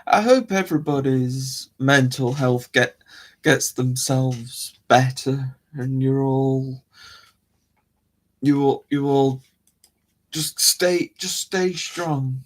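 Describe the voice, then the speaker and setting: A man's voice: medium pitch, takes it slowly. A man hosting a casual livestream, rambling to his chat and often trailing off and restarting his sentences. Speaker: livestream host. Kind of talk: casual live-stream chat.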